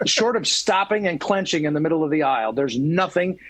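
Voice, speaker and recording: A man's voice: fairly high pitch, lively intonation, fairly quick, noisy background. A man in his mid-forties making wry, self-deprecating remarks in a casual comedic chat. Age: 40s.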